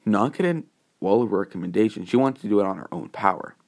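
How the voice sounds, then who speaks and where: A man telling a fan story off the cuff, wandering through his sentences and correcting himself as he goes. His voice sits on the low side and the tone stays casual and unscripted. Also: animated, fairly quick, darkish tone. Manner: rambling, with fillers and self-corrections. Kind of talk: casual improvised narration.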